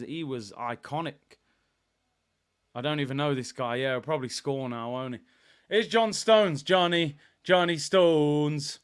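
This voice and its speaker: A young man hosting a live football watchalong, chatting casually and getting loud and excited during attacks. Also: a little high, smooth. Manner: excitable, shouts during attacks, chats with viewers. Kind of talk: casual live match commentary and chat.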